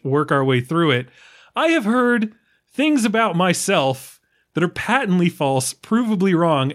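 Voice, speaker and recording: An American man with a fairly high voice talks through a film in a loose, animated podcast chat. He swears freely and slips into voicing the characters as he argues his point. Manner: animated, profane, acts out characters' lines. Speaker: podcast co-host. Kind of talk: casual film discussion.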